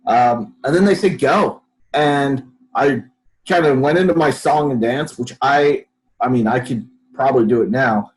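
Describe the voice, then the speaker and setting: A man's voice: medium pitch, moderate pace, poor audio. A man telling a story as a podcast guest, acting out other people's lines as he goes. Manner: animated storyteller, acts out quotes. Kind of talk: storytelling in a casual interview.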